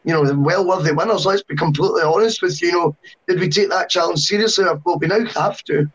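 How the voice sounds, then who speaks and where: Man, high voice, dull lo-fi audio, podcast panel talk. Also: quick pace. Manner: long animated opinions, self-mocking asides. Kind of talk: casual football podcast chat. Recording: dull lo-fi sound.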